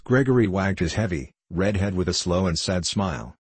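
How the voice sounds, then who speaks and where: A man narrating a novel in an audiobook, in a measured, storytelling way. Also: low-pitched, animated, breathy edge, no echo. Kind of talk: scripted narration.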